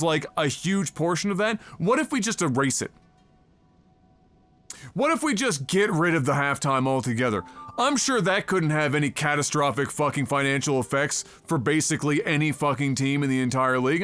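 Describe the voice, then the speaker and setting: A young man from Canada rants on a live stream, sarcastic and exasperated, and he swears constantly. His voice sits fairly high for a man. Soft music plays faintly in the background. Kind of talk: profane ranting commentary on a live stream.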